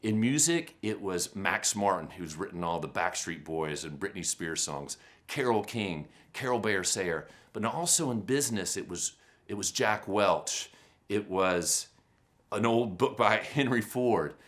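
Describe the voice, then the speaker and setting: A man in his fifties giving a motivational keynote, telling stories in an animated, self-deprecating way with rhetorical questions. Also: on the low side, unhurried. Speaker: keynote speaker.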